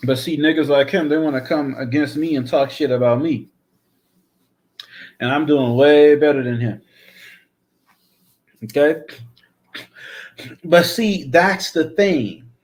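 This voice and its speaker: A man's voice: a little high, takes it slowly, long pauses, a little mellow. A man hosting his own channel, ranting in a blunt, profane, repetitive way. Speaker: channel host. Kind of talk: casual ranting commentary.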